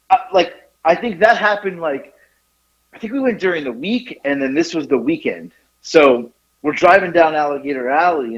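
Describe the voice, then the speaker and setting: A man in his forties tells a story on a casual podcast, his higher voice swinging up and down a lot. He laughs and swears as he goes and trips into restarts. The audio sounds dull and lo-fi. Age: 40s. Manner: animated, laughing, profane anecdote telling with rambling restarts. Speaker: podcast host.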